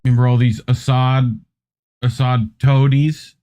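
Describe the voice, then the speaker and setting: Slow-talking man riffing as co-host. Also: medium pitch, flat delivery, warm tone, faint music behind. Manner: loose, rambling, profane asides. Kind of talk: casual news commentary.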